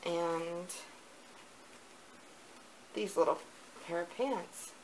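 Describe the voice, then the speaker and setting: Young woman vlogger, gushing unboxing chat, slow and breathy with excited gasps, faint background hiss. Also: fairly low pitch, low-quality recording. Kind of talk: unboxing vlog, casual chat.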